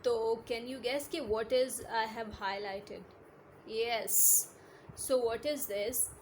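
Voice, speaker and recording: A woman teacher giving a patient online lesson, often checking if it is clear and mixing in Hindi-Urdu phrases. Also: fairly high pitch, fairly even intonation, takes it slowly, darkish tone, a little hiss or hum.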